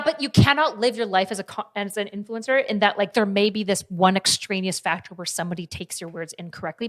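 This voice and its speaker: A woman streamer giving casual, animated commentary, arguing her points in fast bursts. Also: mid-range voice. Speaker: streamer reacting to videos.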